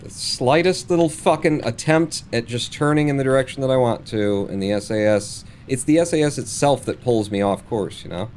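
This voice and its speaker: A man's voice: medium pitch, moderate pace, hardly any pauses, darkish tone, slight background noise. A man streaming a space game live, muttering and swearing at the game with sarcastic frustration. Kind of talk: live gameplay commentary.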